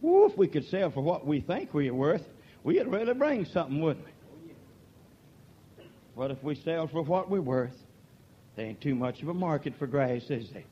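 An older man preaching a sermon, moving from quiet folksy talk to shouted, drawn-out peaks. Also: fairly high pitch, very animated, dull audio, a little hiss or hum.

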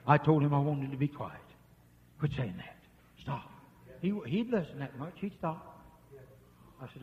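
Man preaching, high-pitched, fervent, dull lo-fi tape, long church reverb. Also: expressive, measured pace, long pauses, a little hiss or hum. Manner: impassioned, swinging from hushed murmurs to shouts. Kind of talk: revival sermon storytelling.

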